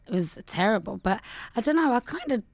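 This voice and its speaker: A woman's voice: a little high, very animated, fairly quick, dry recording. A thirty-year-old woman from the UK, a guest in a radio studio. She speaks candidly and hesitantly, with plenty of "um" and "like". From United Kingdom. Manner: candid, hesitant, many fillers like "um" and "like". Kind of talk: radio interview. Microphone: studio microphone.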